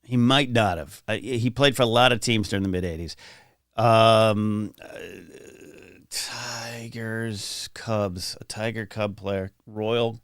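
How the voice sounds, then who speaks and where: A man's voice: on the low side, fairly even intonation, slow, no room sound, clean studio sound. A man hosting a casual morning livestream, rambling and reading viewer comments aloud from his home. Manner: chatty, rambling, reads chat aloud. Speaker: livestream host. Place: home, in California.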